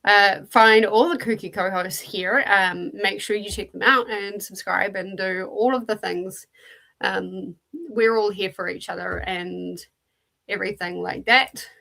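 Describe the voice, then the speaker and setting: A woman with a New Zealand accent hosts a relaxed livestream, her voice carrying a gravelly, fry-touched edge. She chats loosely and greets viewers one by one as she reads and answers their messages. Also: medium pitch, measured pace. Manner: chatty, greets viewers by name and answers chat. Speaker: livestream host. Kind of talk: casual livestream chat.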